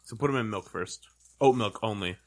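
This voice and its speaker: A man on a snack-tasting show making dry, deadpan jokes. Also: on the low side, brisk. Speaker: guest. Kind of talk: casual chat tasting snacks.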